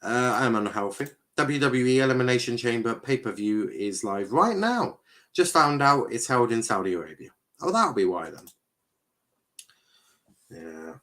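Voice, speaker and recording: With a medium-pitched, slightly bright voice and lively intonation, a young streamer hosts a football watchalong at normal speed. He chats casually with viewers, reading their comments, rambling, tripping over words and occasionally swearing.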